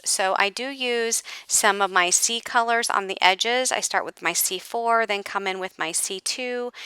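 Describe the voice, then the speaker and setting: A woman narrates a craft tutorial in voice-over, working methodically through her supplies. Her voice is bright and exceptionally clear. It sounds dry and close, with no room sound at all. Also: mid-range voice, dry recording. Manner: methodical, listing supplies one by one. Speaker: craft demonstrator.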